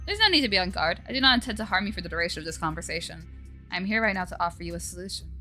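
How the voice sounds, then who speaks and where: A woman's voice: fairly low pitch, lively intonation, racing, sharp tone. A woman reading a polite older male zombie mastermind in a game, formal and old-fashioned in manner, over faint music. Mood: calm, formal.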